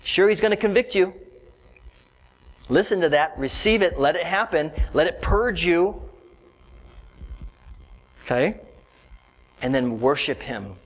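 Man, pastor, conversational sermon, animated, slightly high voice. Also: measured pace, long pauses, low-quality recording. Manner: animated, conversational preaching with asides to the congregation.

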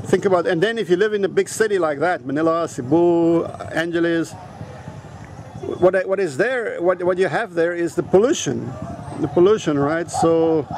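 A man talking to camera outdoors in a casual, rambling vlog, blunt and quick to swear. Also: on the high side, noisy background. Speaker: vlogger. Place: outdoors at a resort in a town.

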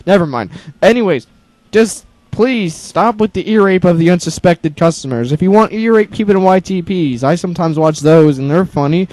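A man's voice: high voice, normal speed, a little mellow, dry recording. A teenage boy ranting on his own channel, sarcastic and exasperated, swearing often. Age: teens. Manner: sarcastic, exasperated, swears a lot, mocks others in silly voices. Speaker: youtuber. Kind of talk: ranting monologue.

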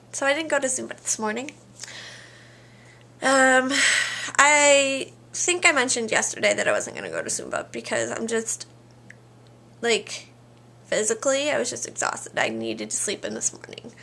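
Bubbly high-voiced woman vlogger. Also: creaky, pushed and bright. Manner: bubbly, exclamatory, chatty. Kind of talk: casual daily vlog chat. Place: home, indoors.

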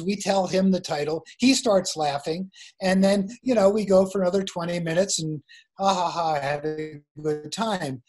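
A man's voice: high-pitched, slightly rough. A man being interviewed as a guest author over a remote internet call. He tells a long story in a meandering way, often restarting his sentences. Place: remote location in the mountains.

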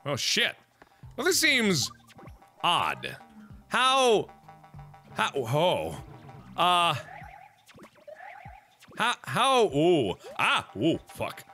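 A young man giving loud, exclamatory gaming commentary, swearing and mocking himself. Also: fairly high pitch, wildly swooping pitch, extremely slow, long pauses, faint music behind. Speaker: gaming video host.

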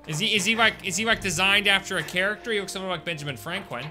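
Young man, game streamer, casual jokey commentary, talks to chat, fairly high voice. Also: fast, hardly any pauses, sharp tone, soft background music.

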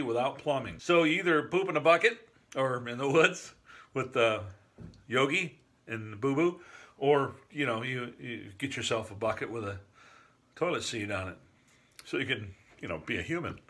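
A northern Michigan man in his sixties, his mid-range voice sharp and slightly rough, vlogs casually to the camera. He rambles and jokes, chuckling at his own humor.

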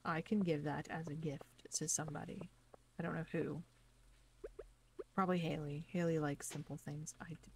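A woman's voice: low voice, gravelly, slightly rough. A woman streamer chatting casually to herself as she plays a farming game, narrating each step. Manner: chatty, talks to herself while playing. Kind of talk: casual gameplay commentary. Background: game music.

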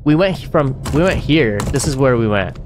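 A man's voice: mid-range voice, expressive, normal speed, noisy background. A man streaming himself playing a horror game, talking to himself with panicky yelps and nervous laughs. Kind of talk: let's-play commentary.

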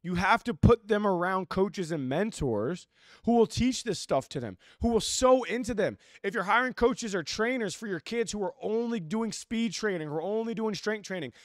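A young man giving an intense, preachy motivational talk as an athletic coach, casual and full of filler slang, swinging between loud and hushed. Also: sits high, no room sound, studio quality. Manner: casual with lots of "like" and "freaking".

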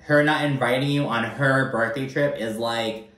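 A man talks through a reality TV episode with blunt, animated, frequently profane commentary. His voice sits at an ordinary pitch for a man. It is recorded a little away from the mic, so the room's echo carries around him. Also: moderate pace. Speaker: reality TV recap host. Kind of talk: casual commentary. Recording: roomy echo, mic held at a distance.

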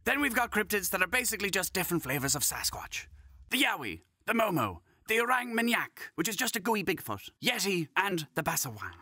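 Man, comic narrator, mock-serious, slightly high voice, animated pitch. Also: fairly quick, dry recording. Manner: dry, mock-serious delivery. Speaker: comedy sketch host.

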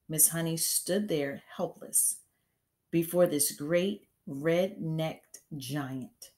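A woman teacher reading a children's novel aloud to her class in a measured storytelling manner. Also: low-pitched, a little mellow. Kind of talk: chapter read-aloud for a class.

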